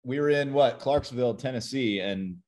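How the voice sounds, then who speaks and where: Male podcast guest, easygoing, dry humor, mid-pitched voice. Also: normal speed, a little mellow. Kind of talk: casual chat.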